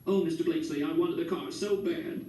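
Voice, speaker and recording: A man reading an audiobook and voicing a genteel woman who is nervous, excitable and quick to tears, with a high voice that breaks with emotion. The recording is roomy, with the mic set back. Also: far from the mic, a little hiss or hum, close to an everyday voice. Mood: tearful. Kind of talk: audiobook character voice.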